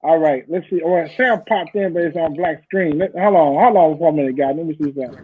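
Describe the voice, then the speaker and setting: A high-pitched man hosts a relaxed online panel over a video call. He speaks emotionally and animatedly and laughs often. A faint background noise sits under his voice. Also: brisk, narrow, tinny audio. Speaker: host. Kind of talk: casual online panel chat.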